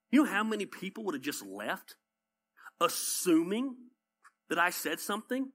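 A Southern-accented male pastor delivering a conversational sermon. His voice is bright and his pitch swings widely as he tells stories, hammering his points home through repetition. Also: fairly quick. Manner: animated storytelling, repeats points for emphasis.

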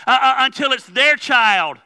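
A man's voice: very high voice, lively intonation, moderate pace, pushed and bright, smooth. A male pastor preaching in a loose, conversational way, telling stories and acting out the dialogue. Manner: conversational storytelling with laughs and quoted dialogue. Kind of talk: sermon.

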